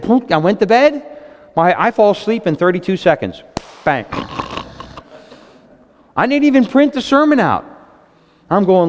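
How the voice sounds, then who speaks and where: A man in his fifties preaching a sermon with excitable storytelling, speaking. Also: normal speed, long pauses, big-room sound. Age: 50s. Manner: excitable, storytelling, animated swings in pitch.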